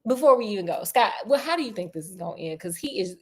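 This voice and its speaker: A woman reading a novel aloud as a storyteller, breaking off for sassy, animated asides. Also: medium pitch, fast.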